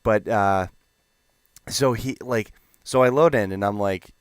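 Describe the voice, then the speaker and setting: A young man telling a gaming story in a rambling, animated, profane way. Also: fairly low pitch, a little slow, clear, resonant tone, no echo, clean studio sound. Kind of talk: casual storytelling.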